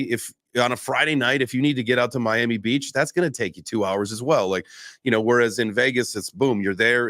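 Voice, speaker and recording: A man's voice: medium pitch, a bit bright, no echo, studio quality. A man hosting a casual podcast chat, rambling through tangents and apologizing for them, with a casual curse here and there. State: out of breath. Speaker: podcast host.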